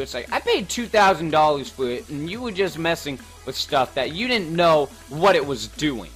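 A man's voice: a little high, lively intonation, moderate pace, few pauses, fairly bright tone, soft background music. A teenage boy casually talking over his gameplay, rambling with lots of fillers and restarts. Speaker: gaming channel host. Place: bedroom at home.

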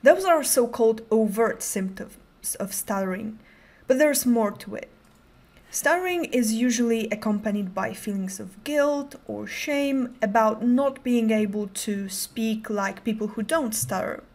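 Higher-pitched woman giving a prepared talk. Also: unhurried, a little mellow. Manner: careful, controlled delivery with occasional stutters. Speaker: conference speaker.

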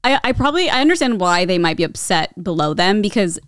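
A woman's voice: mid-range voice, very animated, fast talker, smooth, dry recording, clean studio sound. A young woman co-hosting a podcast, chatting casually with lots of fillers. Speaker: podcast co-host. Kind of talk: casual chat.

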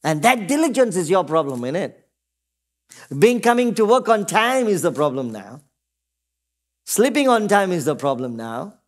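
A middle-aged man leads a church sermon in a fairly high voice. He speaks, keeps checking in with the congregation, and slips into brief quoted voices to make his points. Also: sing-song, normal speed, pauses often. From Singapore. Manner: calls out to the congregation with repeated "Amen?" and acts out short quoted voices. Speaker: pastor.

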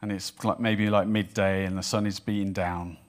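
A man preaching a sermon in church, telling a Bible story in an animated way and acting out the voices of the people in it. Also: sits low, moderate pace. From Wales. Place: church hall with congregation.

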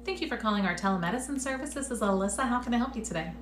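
A woman playing a telemedicine agent who speaks calmly and patiently. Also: a little high, racing, echoey room, music in the background. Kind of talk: comedic call-center skit.

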